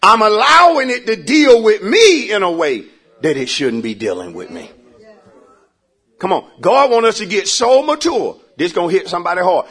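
High-voiced preacher guy, bright and husky, big swings, call-and-response. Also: huge pitch swings, moderate pace. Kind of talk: sermon. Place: church.

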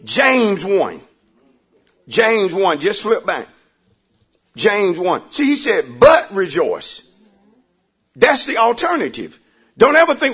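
A man preaching in church, calling out for the congregation to answer back. His voice sits very high and sounds husky, and it swings widely as he climbs into shouts. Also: big pitch swings, takes it slowly. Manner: preaching with rising shouts and repeated calls for response. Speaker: pastor. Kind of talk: call-and-response sermon.

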